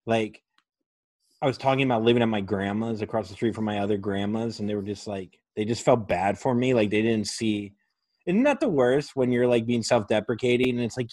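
A man's voice: on the low side, brisk, a little mellow, dry recording. A male comedian hosting a casual podcast, spinning a long rambling story full of swearing. His voice is recorded dry and close, with no room sound around it.

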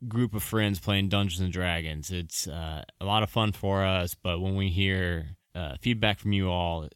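Smooth-voiced man hosting a podcast outro. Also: low-pitched, steady tone, dry recording, clean studio sound. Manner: rambling, apologetic, fast announcements. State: out of breath. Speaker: podcast host.

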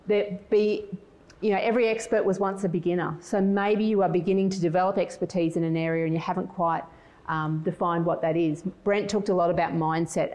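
A middle-aged woman giving a conference talk, telling personal stories with frequent restarts and filler words. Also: lowish voice. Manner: lively storytelling, acts out quoted voices. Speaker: conference speaker.

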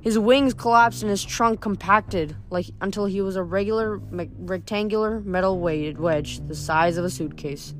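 Woman, reading a novel aloud, stumbling restarts, middle pitch. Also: normal speed, few pauses, faint music behind. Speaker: reader.

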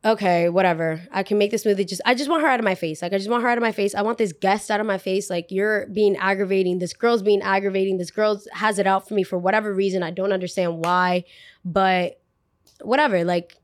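A young woman casually telling a retail work story, animated and full of fillers, acting out what people said. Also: medium pitch, fairly quick, dry recording, clean studio sound. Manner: animated, lots of "like", acts out quotes.

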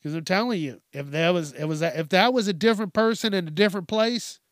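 A man's voice: sits high, a little fast, no room sound, studio quality. A man hosting a casual news commentary show, swearing often, laughing and acting out quotes in exaggerated voices. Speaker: host.

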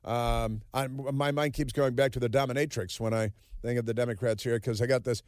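A man's voice: medium pitch, steady tone, fairly quick, darkish tone, no echo, clean studio sound. A man hosting a talk radio show, delivering a sarcastic, rambling opinion monologue full of fillers and asides.

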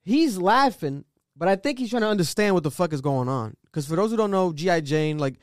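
A young man with a high voice that bounces all over as he hosts a loose group reaction chat. He is loud and profane and keeps calling out when to pause and play. The mic is close and dry, with no room sound. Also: lively intonation, no room sound.

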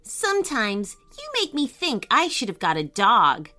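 A woman's voice: huge pitch swings, unhurried, bright, forceful tone, soft background music, exaggerated voice. A woman doing Annika, an eager young girl. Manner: high, eager delivery. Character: bright, kind, bold young girl. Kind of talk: children's storybook reading.

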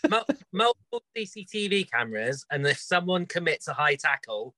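A man's voice: on the high side, sing-song, normal speed, pushed and bright, no echo. A man on a casual video call chat, playful, sharing short anecdotes.

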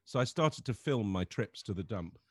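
An English man telling funny stories in casual chat, animated and often laughing as he talks. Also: on the low side, normal speed, husky, no room sound, clean studio sound. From England. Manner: animated storyteller, laughs through his stories. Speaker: comedian guest.

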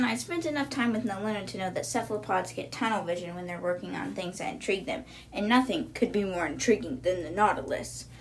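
A woman hosts a podcast and walks through book chapters in a relaxed recap. She retells the story in a chatty way, catching her own slips as she goes. Her voice sits at an ordinary, middle pitch. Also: a little hiss or hum. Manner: stumbles over words then corrects herself. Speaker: podcast host.

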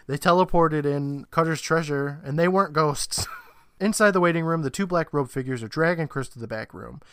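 A man's voice: on the high side, normal speed, clear, resonant tone, dry recording, studio quality. Man casually recapping a TV episode. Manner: animated retelling, acts out lines with laughs. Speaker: podcast co-host.

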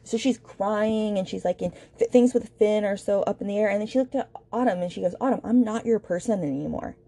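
A woman's voice: medium pitch, brisk, warm tone. A woman hosting a book podcast, recapping a novel's plot in a chatty, blunt way and quoting the characters' lines. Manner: chatty, blunt, retelling scenes with quoted dialogue.

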